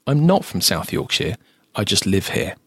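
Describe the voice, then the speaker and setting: A man's voice: low-pitched, very animated, moderate pace, fairly bright tone, breathy edge, dry recording, clean studio sound. A man from the south of England with a southern English accent, hosting a casual podcast chat and talking with frequent restarts and fillers. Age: adult, lived ten years in current home. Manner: chatty, hesitant with many restarts. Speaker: podcast host.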